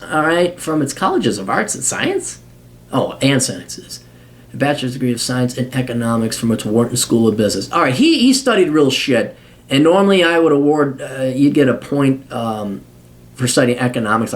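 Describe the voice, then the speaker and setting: A man reads a biography aloud, rattling through the facts. He keeps interrupting himself with sarcastic, foul-mouthed commentary, and his voice sits at an ordinary middle pitch. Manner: sarcastic, profane running asides. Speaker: podcast host.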